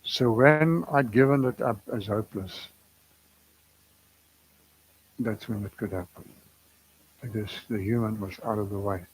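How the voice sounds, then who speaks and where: A man's voice: fairly low pitch, normal speed, breathy edge, poor audio. A man giving a spiritual talk, telling a personal story in an earnest, confessional way and laughing at himself now and then. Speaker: spiritual teacher.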